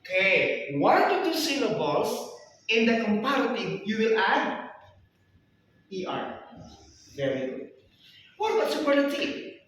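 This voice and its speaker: A man's voice: high voice, big pitch swings, unhurried, pauses often, fairly bright tone. A male teacher leading a classroom grammar lesson, strictly drilling his students with repeated questions. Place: echoey classroom. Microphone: camera at a distance. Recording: echoey room recorded from far off with faint noise.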